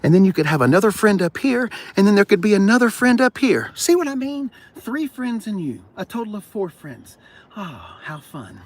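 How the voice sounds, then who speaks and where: A middle-aged man on a car lot, joking and teasing in a high, lively voice. He sounds bright, and faint noise sits behind him. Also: fairly quick, hardly any pauses. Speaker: car dealership vlogger. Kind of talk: casual walkaround chat. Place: car lot, in and around cars.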